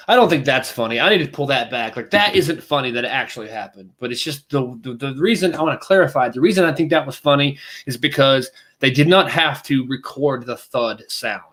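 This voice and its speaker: Male podcast co-host, mid-pitched, chatty and rambling, acts out bits while telling stories. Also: a little fast, few pauses. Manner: animated storytelling, acts out scenes with voices; rambling, self-interrupting. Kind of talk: casual chat.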